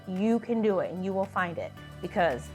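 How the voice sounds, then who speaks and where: A woman's voice: medium pitch, animated, moderate pace, a little mellow, faint music behind. A woman coaching small-business owners straight to camera, stressing points by repeating words and cheering viewers on. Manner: addresses viewers as "y'all". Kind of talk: direct-to-camera advice video.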